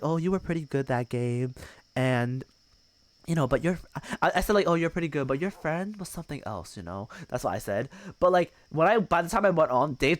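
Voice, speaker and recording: A man's voice: on the high side, no echo. A male streamer telling a gaming story in casual, profane chat, mocking the people he quotes.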